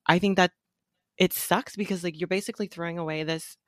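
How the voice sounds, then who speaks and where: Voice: mid-range voice, fairly even intonation, fairly quick, fairly bright tone, no echo, clean studio sound. A podcast co-host talking reflectively in casual chat, with many fillers. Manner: reflective, filler-heavy talk.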